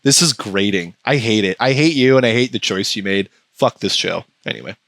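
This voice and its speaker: A man's voice: expressive, fairly quick, gravelly, a bit bright, no echo. A man hosting a podcast in casual chat, ranting sarcastically about a TV show. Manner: ranting, sarcastic, mocks voices in a high pitch. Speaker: podcast host.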